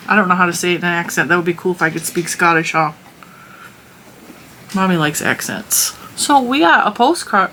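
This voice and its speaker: A woman's voice: lowish voice, brisk, pushed and bright, slight background noise. A woman hosting a vlog, chatting casually and teasingly with her child in a motherly way.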